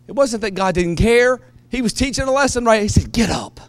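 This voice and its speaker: A man preaching a sermon, moving between quiet, low asides and loud, shouted passages. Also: lively intonation, brisk, hardly any pauses, dry recording. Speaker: pastor.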